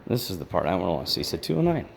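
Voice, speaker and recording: A paranormal investigator vlogger wanders an old hotel, rambling through his walk-through and musing to himself, sometimes calling out commandingly to a spirit. His deep voice is very animated and rapid-fire, with vocal fry and slight background noise.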